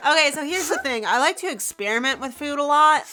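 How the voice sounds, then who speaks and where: A woman's voice: sits high, lively intonation, quick pace, background noise. A young woman co-hosting a gaming video, chatting casually and acting out little stories. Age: young adult. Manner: chatty storyteller, acts out quotes with laughs. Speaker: co-host of a gameplay channel.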